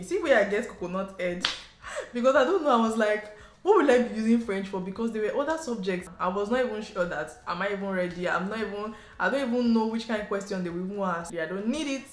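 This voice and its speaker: A woman from Nigeria with a Nigerian English accent, telling a story to camera in a chatty, animated way and sprinkling in local slang. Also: mid-range voice. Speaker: vlogger. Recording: roomy echo, faint background music.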